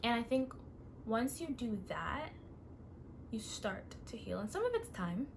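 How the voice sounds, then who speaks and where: A woman's voice: fairly high pitch, big pitch swings, measured pace, gravelly, slight background noise. A woman vlogger giving earnest, encouraging advice in a casual talk to camera.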